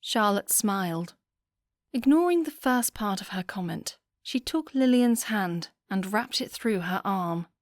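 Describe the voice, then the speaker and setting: A woman narrating a romance audiobook in a calm, even storytelling manner. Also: medium pitch, a little slow, hardly any pauses, dry recording, studio quality.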